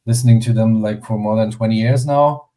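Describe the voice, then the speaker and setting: A man with a German accent, a musician guest talking in a halting, casual way in an interview. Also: on the low side, steady tone. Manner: halting, soft-spoken, laughs often.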